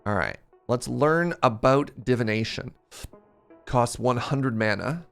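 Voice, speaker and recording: A man live-streaming a game, telling a story in a chatty, animated way and laughing at himself. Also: mid-range voice, a little slow, creaky, clear, resonant tone. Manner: animated storytelling, self-mocking, laughs often. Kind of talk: casual live-stream chat. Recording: faint game music behind.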